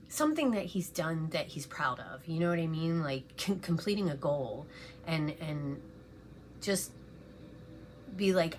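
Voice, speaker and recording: A middle-aged woman vlogging at home while she gets ready, rambling and halting with many fillers and restarts, and emotional to the point of tears. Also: low-pitched, lively intonation, vocal fry, slight background noise. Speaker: beauty vlogger. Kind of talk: casual chat while getting ready.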